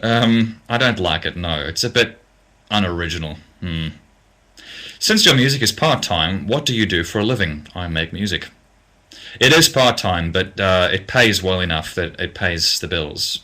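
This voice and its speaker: A young Australian man with a very low voice that still has a bright, tense edge. He hesitates and restarts a lot, filling gaps with ums, then gives blunt answers. He reads out questions in a casual live Q&A and sounds worn out. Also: moderate pace. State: getting tired. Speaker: music producer. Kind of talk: casual livestream Q&A, reading out viewer questions.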